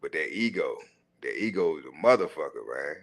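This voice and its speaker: Profane, animated man ranting on a stream. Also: extremely low pitch, brisk. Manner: profane, animated, mocking, laughs at own jokes. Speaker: live stream host. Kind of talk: casual commentary monologue.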